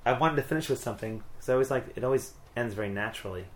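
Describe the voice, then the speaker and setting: A man's voice: mid-range voice, very fast. Casual male podcast interviewer. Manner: friendly, jokes along and chimes in with short replies.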